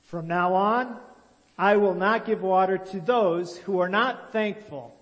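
A man's voice: sits high, takes it slowly, fairly bright tone, long reverb tail. A man voicing a stern fault-finding water keeper.

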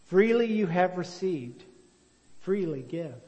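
A calm, kind young man from a storybook tale, as a male reader puts him on. He speaks gently and patiently in a slightly high voice, with a long echo from the hall. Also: takes it slowly.

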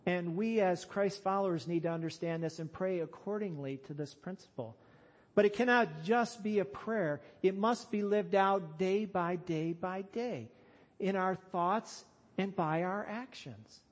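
Preaching at an unhurried, deliberate pace, a pastor with a high voice stresses key phrases heavily and swells into loud calls. He sounds earnest and emphatic throughout.

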